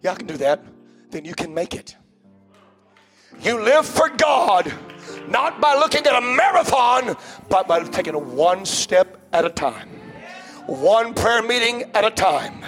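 High-voiced preacher with a rousing shout. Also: male voice, big pitch swings, a little slow, soft background music. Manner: rhythmic preaching cadence that swells into shouts, with frequent "uh" breaths. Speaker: pastor. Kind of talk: sermon. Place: church sanctuary before a congregation.

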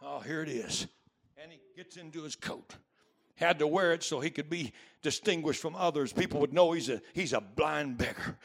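A man preaching a sermon as a missionary, telling a story and building to fervent shouting. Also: on the high side, normal speed.

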